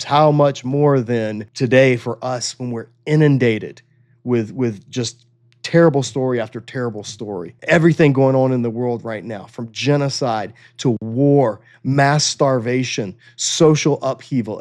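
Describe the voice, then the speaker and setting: A man teaching a Bible study, earnest and emphatic, slowing down to read scripture aloud and stressing key phrases. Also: medium pitch, darkish tone.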